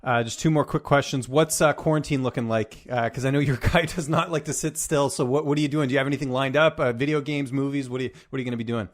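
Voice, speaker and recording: A man interviewing a fighter casually, asking quick questions full of fillers. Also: mid-range voice, fairly even intonation.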